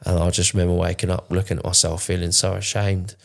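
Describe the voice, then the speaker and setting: A man's voice: low-pitched, flat delivery, fast, vocal fry. A man, telling his own story in a candid, emotional podcast chat, swearing often and restarting his sentences. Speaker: podcast co-host.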